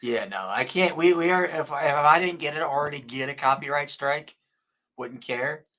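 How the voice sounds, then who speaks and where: A laid-back man hosting a casual sports chat. His voice has a bright, forward edge, and he laughs easily between points. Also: a little high, moderate pace. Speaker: podcast host.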